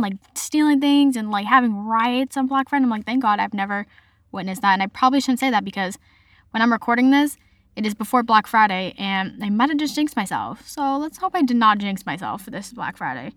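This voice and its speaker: A young woman hosting a podcast, telling stories in a chatty, casual way, full of "like" fillers. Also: fairly high pitch. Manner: chatty, lots of "like" fillers, animated retelling. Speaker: podcast host. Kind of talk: casual storytelling monologue.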